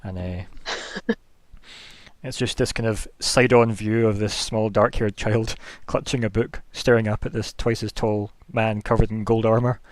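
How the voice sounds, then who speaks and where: A young man runs a tabletop game, narrating in a loose, chatty ramble full of ums and likes. His voice sits low and the sound is dry and close. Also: steady tone, a little slow, no room sound. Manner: rambling, chatty, many fillers. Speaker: game master.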